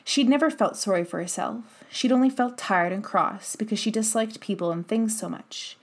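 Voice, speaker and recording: A woman narrating a classic children's novel in an even storytelling manner. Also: medium pitch, moderate pace. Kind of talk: audiobook narration.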